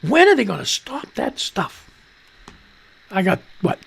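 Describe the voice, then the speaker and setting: A man's voice: high voice, wildly swooping pitch, a little slow, gravelly, fairly bright tone, slightly rough. A man hosting a live radio and stream show, rambling loosely and jokily through news headlines, muttering to himself between reads. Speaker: radio and livestream host.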